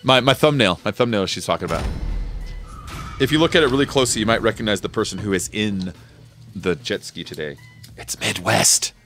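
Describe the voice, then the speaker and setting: A man's voice: lowish voice, a little fast, a bit bright, soft background music. A man hosting a casual gaming livestream, chatting and laughing with friends and greeting viewers in chat. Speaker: livestream host.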